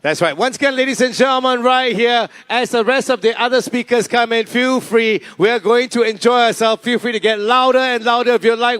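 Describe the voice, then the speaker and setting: Bright, hype-building rally emcee. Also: male voice, very high voice, a little fast, hardly any pauses, clean tone, no room sound. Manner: hype-building, crowd-pumping calls. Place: outdoor rally field.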